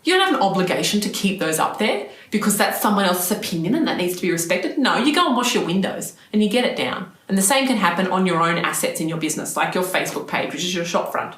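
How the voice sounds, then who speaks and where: A woman with a lowish voice gives encouraging advice to other business owners. She repeats her key phrases and keeps checking in with her listeners. The room around her rings with a noticeable echo. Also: animated, quick pace, few pauses, fairly bright tone. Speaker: business coach. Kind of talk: direct-to-camera advice talk.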